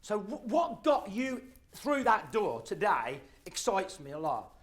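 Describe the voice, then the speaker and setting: A middle-aged man, giving a live motivational talk and telling stories with acted-out voices and shouts. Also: high voice, huge pitch swings, measured pace. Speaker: motivational speaker.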